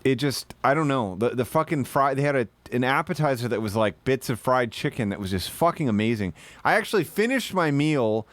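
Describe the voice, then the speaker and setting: A man's voice: mid-range voice, expressive, brisk, hardly any pauses, no room sound. Profane rambling male streamer, dry sound. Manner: profane, rambling storyteller who puts on shouted voices. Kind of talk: casual livestream chat.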